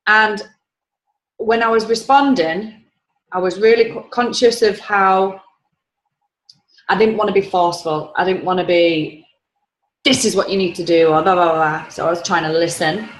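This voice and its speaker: A woman's voice: mid-range voice, moderate pace. A woman on a coaching call, rambling as she retells conversations in quotes. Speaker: coaching client. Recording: echoey room.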